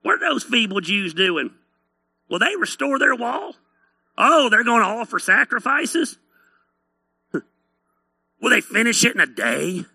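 A man's voice: extremely high pitch, sing-song, drawn-out words, creaky, long pauses, darkish tone, slightly rough, no echo, pitched above the performer's own voice, exaggerated voice. A man voicing a mocking backwoods critic who sneers at people building a wall.

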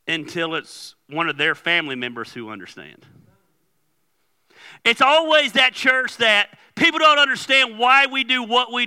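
A man's voice: high voice, bright, forceful tone, clear, resonant tone. A male pastor preaching in a loose, conversational way, telling stories and acting out the dialogue. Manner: conversational storytelling with laughs and quoted dialogue. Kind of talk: sermon.

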